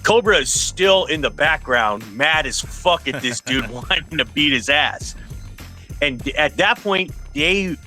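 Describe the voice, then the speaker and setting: Profane storytelling man, bright voice. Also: fairly high pitch, measured pace, faint music behind. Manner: animated, profane, acts out quoted voices. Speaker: podcast host and event promoter. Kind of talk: casual storytelling.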